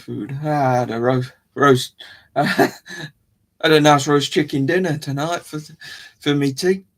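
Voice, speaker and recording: A man hosting a casual livestream, rambling to his chat and often trailing off and restarting his sentences. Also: medium pitch. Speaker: livestream host. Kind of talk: casual live-stream chat.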